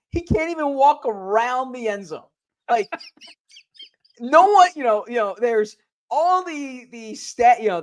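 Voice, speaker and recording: A man co-hosting a sports podcast in casual chat, talking in an excitable, rambling way. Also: sits high.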